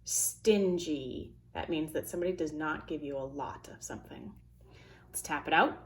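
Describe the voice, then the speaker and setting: A woman with a low voice teaches a phonics lesson to third graders, slowly and carefully sounding out letters and words.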